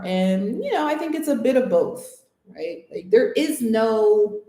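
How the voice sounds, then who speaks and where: A woman's voice: on the high side, lively intonation, moderate pace, mellow. A woman from the United States in a casual, reflective interview, talking earnestly, thinking aloud and often checking in with "right?". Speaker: interviewee, channel host. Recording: roomy echo.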